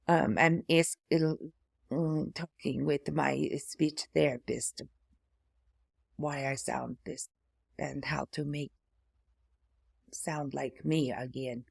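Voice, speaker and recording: A middle-aged woman from Canada whose speech now has an Eastern European-sounding accent, talking slowly and haltingly with many pauses and fillers, affected by aphasia after a stroke. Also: low voice, fairly even intonation, vocal fry, breathy edge, no echo, studio quality. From Hamilton, Ontario, Canada. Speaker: memoir vlogger, former priest. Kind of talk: personal reflective talk to camera.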